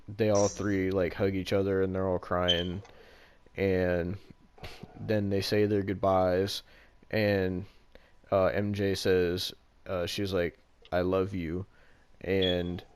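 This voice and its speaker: Low-voiced man rambling through a retelling. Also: darkish tone, smooth. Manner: rambling, heavy use of "like" fillers, casual swearing. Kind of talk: casual chat retelling a movie plot.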